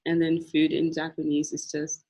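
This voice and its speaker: A young woman presenting a classroom lesson, speaking patiently and repeating phrases slowly for learners. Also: sits low, completely flat delivery, warm tone, husky. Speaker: language and culture presenter. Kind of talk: classroom teaching.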